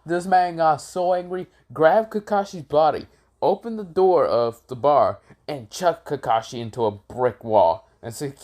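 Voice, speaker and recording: A man's voice: a little high, a little slow, darkish tone. Rambling young man retelling a fan story. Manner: rambling and casual, with frequent self-corrections and swearing. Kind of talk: improvised fan-fiction retelling.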